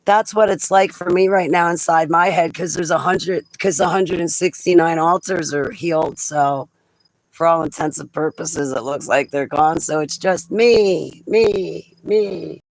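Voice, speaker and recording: A woman vlogging in a rambling personal monologue, chatty and quick to laugh between thoughts. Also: low voice, steady tone, low-quality recording.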